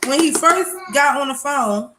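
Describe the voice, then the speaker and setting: A young woman telling a loud, brash, profane story in a casual vlog at home. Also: sits high, a little slow. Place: home with children nearby. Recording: echoey room, faint noise.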